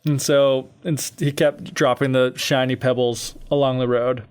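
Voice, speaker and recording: A man's voice: medium pitch, flat delivery, normal speed, smooth. A man co-hosting a podcast, loosely retelling a fairy tale in casual chat, full of fillers and easy laughter.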